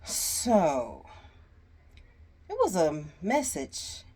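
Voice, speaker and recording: A woman's voice: low voice, huge pitch swings, extremely slow, darkish tone, breathy edge. A woman telling a storytime to her viewers in a casual, exasperated way, sighing often. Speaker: storyteller vlogger.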